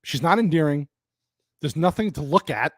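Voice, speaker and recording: A man hosting a live stream and ranting about a film, cursing freely and tripping over restarts as he jumps between thoughts. He stops to greet and answer chat viewers by name. His voice sits a little high, and the sound is dry with no room echo. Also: expressive, normal speed. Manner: angry, profane, rambling with restarts. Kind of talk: live-streamed movie rant.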